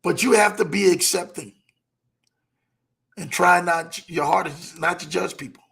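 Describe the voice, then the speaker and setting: A man with a slightly high, gravelly voice gives a motivational talk as the show's host. He preaches in a casual way, repeats his main lines and drags them out slowly to drive them home. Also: a bit bright. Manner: preachy, repeats key lines, slows for emphasis.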